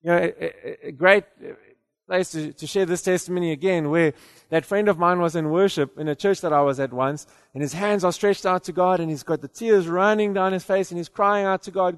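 High-voiced preacher in an echoing hall. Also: male voice, fairly quick, a bit bright. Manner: conversational, repeats words, rising to emphatic declarations. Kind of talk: sermon.

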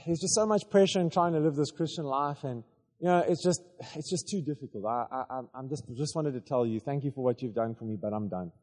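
Preacher voicing a tired, beaten man who wants out; keep it low and quiet, in a reverberant hall. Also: brisk, natural voice. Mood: weary, defeated. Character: weary troubled man giving up, low and defeated.

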